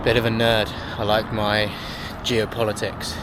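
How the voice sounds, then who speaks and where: A man's voice: fairly low pitch, completely flat delivery, a little slow. A man vlogging while walking around a city, chatty and self-deprecating with rambling asides. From England. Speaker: travel vlogger. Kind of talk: casual travel vlog. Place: outdoors in city streets. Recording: loud city street noise. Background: traffic and street sounds.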